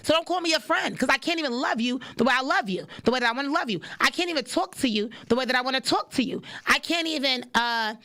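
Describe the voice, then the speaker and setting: A young woman hosting a podcast, preaching in a casual, animated monologue and repeating lines for emphasis. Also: high voice, fast talker, few pauses. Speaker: podcast host.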